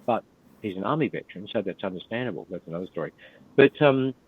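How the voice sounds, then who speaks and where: Deep-voiced older Australian man, tinny line. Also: animated, quick pace, a little hiss or hum. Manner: blunt, profane, laid-back storyteller. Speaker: podcast guest, retired police officer. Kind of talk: storytelling in casual interview.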